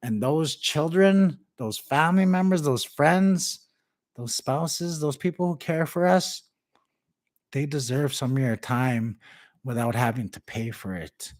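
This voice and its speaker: A man vlogging, telling a story and giving motivational advice in a casual, animated way. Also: fairly high pitch, measured pace. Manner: animated, conversational, preachy.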